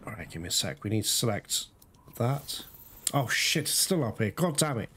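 A man giving casual gameplay commentary, talking straight to his viewers and quickly cursing when things go wrong. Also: on the low side, sing-song, bright, forceful tone, a little hiss or hum. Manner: talks straight to viewers, quick to curse in frustration. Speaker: gaming video host.

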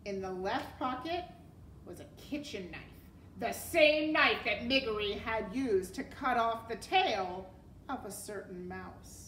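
A woman teacher reading a novel aloud expressively to her class and pausing to ask them questions. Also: mid-range voice, lively intonation, a bit bright, reverberant, far from the mic, a little hiss or hum.

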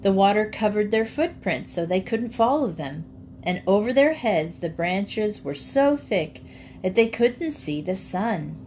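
A woman reads a children's storybook aloud with clear expression. Her pitch is ordinary and mid-range. A faint noise sits behind her voice. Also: lively intonation, unhurried, a little mellow. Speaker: audiobook reader. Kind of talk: storybook reading.

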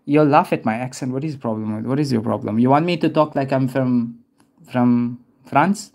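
A man's voice: mid-range voice, normal speed, vocal fry, darkish tone. A man hosting a live gaming stream, hyped and repeating calls for players to hurry up.

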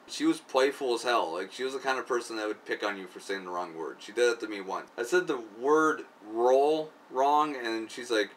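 A video creator tells a long personal story in casual, profane speech, rambling and full of fillers. His voice is on the low side and a bit bright, picked up by a distant mic with faint background noise.

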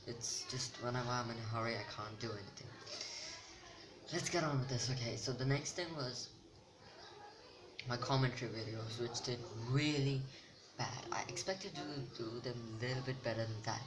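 Speaking at normal speed in a mid-range male voice, a teenage boy vlogs to camera. The noisy home recording captures a rambling, self-mocking chat where he repeatedly loses his thread.

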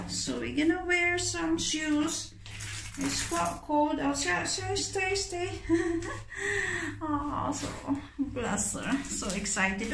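A woman vlogging as she takes her dog out, mixing Filipino and English and coaxing the dog in a high sing-song voice. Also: animated, slow, vocal fry, background noise. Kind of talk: casual vlog chat. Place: home, then outdoors on a walk.

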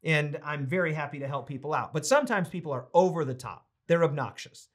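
A Bible teacher from the United States, his fairly high voice edged with breathiness, moves a little quickly and animatedly through a casual study. He reads scripture aloud and tells chatty stories between passages.

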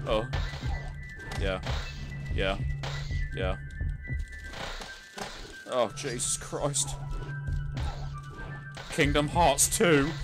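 A man casually commenting on a video game as he streams it, swearing, exclaiming and laughing at what happens on screen. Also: medium pitch. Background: game music.

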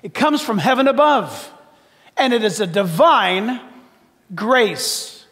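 An older man preaching a sermon as pastor, emphatic and shouting at times, then dropping to soft asides. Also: high voice, sing-song, slow pace, in a large hall.

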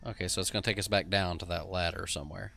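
Gravelly low-voiced man gaming. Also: racing, a little hiss or hum. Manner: dry, questioning, calmly directs his partner. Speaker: co-op gamer. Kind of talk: casual gameplay chat. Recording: loud game gunfire behind.

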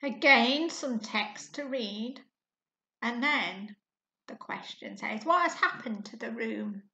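A woman teacher guiding a reading lesson, asking her pupils questions patiently and often clearing her throat. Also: a little high, bright, forceful tone. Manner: slow and patient, asks questions to the class. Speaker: primary school teacher. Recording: echoey room, dull lo-fi sound.

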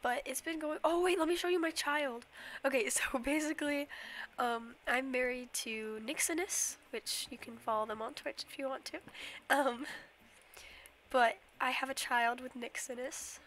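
Young female streamer, slightly sick; high, chatty, apologetic delivery over a faint background hum. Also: normal speed, fairly bright tone. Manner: chatty, giggly, apologetic, rambling with many fillers. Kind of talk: casual Minecraft stream tour.

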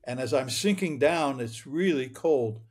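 A man's voice: mid-range voice, lively intonation, a little slow, a little mellow. A man in his eighties from Michigan, a guest telling a long personal story earnestly, often repeating his words as he goes. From Michigan, United States. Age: 80s. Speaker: interview guest. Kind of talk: storytelling interview.

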